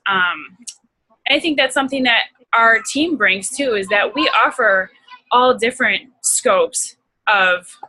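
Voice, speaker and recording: Bright-voiced young woman rallying her team. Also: medium pitch, rough recording. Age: young adult. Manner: upbeat, rambling with many fillers. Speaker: team leader. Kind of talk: motivational team call.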